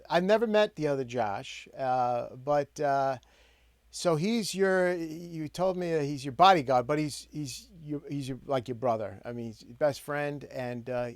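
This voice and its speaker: An older man hosting a live interview show, talking in a halting way with many fillers and restarts. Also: medium pitch, no echo. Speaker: host. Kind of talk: casual interview chat.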